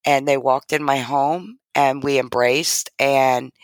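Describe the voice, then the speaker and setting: A woman's voice: rumbling low, steady tone, slow, no room sound. A middle-aged woman telling a heartfelt personal story as a guest in an interview, talking earnestly. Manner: earnest, heartfelt, acts out quoted dialogue. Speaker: guest sharing her story.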